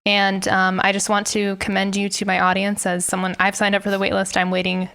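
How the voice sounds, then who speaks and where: A woman podcast host with a flat, gravelly voice. She asks her guest questions in an earnest, affirming tone and hums "mm" in agreement as she listens. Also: mid-range voice, a little fast.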